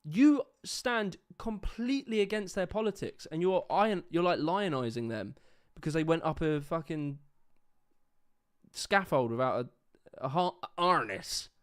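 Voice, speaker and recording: A man's voice: on the high side, animated, measured pace, clean tone. A young man hosting a livestream, ranting casually and sarcastically about clips, swearing freely. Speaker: livestream host reacting to clips.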